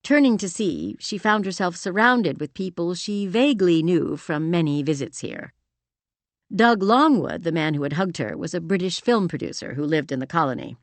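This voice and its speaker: A woman narrating a romance audiobook in an expressive storytelling manner, also speaking the heroine's lines. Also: lowish voice, moderate pace, no echo. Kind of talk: scripted narration.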